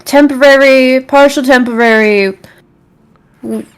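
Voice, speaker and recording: A woman's voice: high voice, fairly even intonation, measured pace, smooth. A woman playing a tabletop role-playing game, chatting and plotting in casual talk. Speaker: player.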